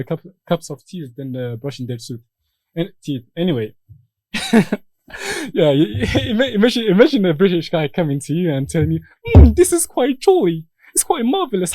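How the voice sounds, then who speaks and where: A man's voice: fairly high pitch, mellow, no echo. A young man from Morocco giving a joking, rambling debate speech with frequent stumbles and restarts. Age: young adult. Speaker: student debater.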